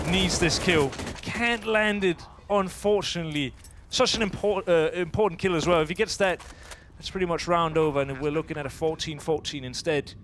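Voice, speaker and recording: A man's voice: a little high, noisy background. Chatty man commenting a live esports match. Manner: chatty, laughs easily, thinks aloud mid-sentence.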